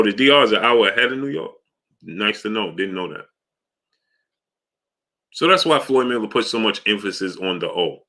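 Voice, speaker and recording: A man's voice: lowish voice, sharp tone. A man hosting a casual live stream, greeting viewers by name, reading their comments and asking for likes.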